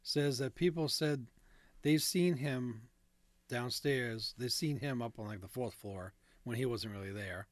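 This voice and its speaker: A man in a relaxed podcast chat, reading ghost stories off his notes and dropping in fillers and little asides. His pitch sits in the middle, and the sound is dry and close, with no room around it. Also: a little slow, no echo. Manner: laid-back, reads notes with fillers and asides. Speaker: podcast co-host.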